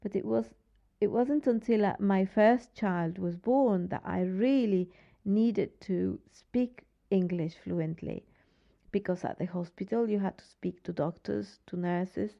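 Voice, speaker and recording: A middle-aged woman with a Mexican accent, native speaker of Spanish, giving a measured, earnest personal account. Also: mid-range voice, creaky. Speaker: interviewee. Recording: dull lo-fi recording.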